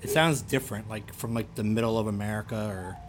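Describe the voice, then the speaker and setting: A man's voice: on the low side, steady tone, quick pace, a little hiss or hum. Joking man with a lisp, Baltimore accent. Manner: rambling, slight stutter, jokey. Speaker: podcast co-host. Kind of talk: casual podcast banter.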